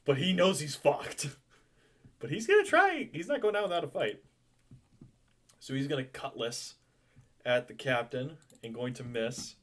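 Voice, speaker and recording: A man's voice: medium pitch, moderate pace, pauses often. A young man running a tabletop game as game master, chatty and loose, laughing and swearing casually.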